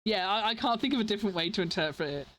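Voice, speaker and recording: A woman's voice: mid-range voice, animated, rapid-fire, fairly bright tone. A young woman with an English accent, chatting casually with her stream viewers in a rambling way, full of fillers and restarts. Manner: rambling, filler-heavy, self-interrupting.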